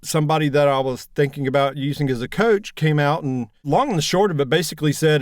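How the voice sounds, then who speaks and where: A man in his fifties speaks with a broad Southern drawl, easygoing and plainspoken as he talks about his narration work. His voice sits a little high for a man. The sound is dry and close, with no room echo. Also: fast talker, hardly any pauses. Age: 50s. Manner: relaxed, plainspoken, folksy. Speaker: audiobook narrator guest. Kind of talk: casual interview chat.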